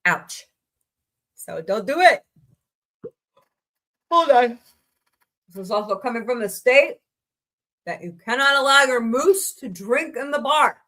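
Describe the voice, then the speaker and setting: A woman's voice: a little high, lively intonation, takes it slowly, long pauses, a bit bright. A woman hosting a comedy livestream, reading odd laws aloud with sarcastic asides and greeting viewers in chat by name. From United States.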